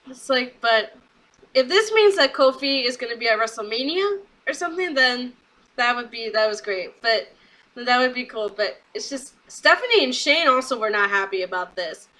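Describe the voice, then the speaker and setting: A young woman recapping a wrestling show in a casual vlog, chatty and excitable, quoting people in quick asides. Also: a little high, rough recording.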